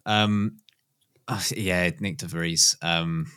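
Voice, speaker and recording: A man's voice: deep voice, steady tone, slow, pushed and bright, smooth. A man hosting a casual sports podcast, moving the talk from segment to segment with a wry tone. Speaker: podcast host. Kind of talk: casual chat.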